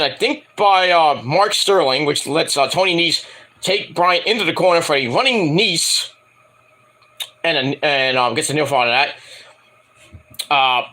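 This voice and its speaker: In a casual recap vlog, a man rattles through a wrestling show review, excitable and rambling, swearing freely and breaking into mocking impressions. His high voice swings widely in pitch and sounds bright and sharp.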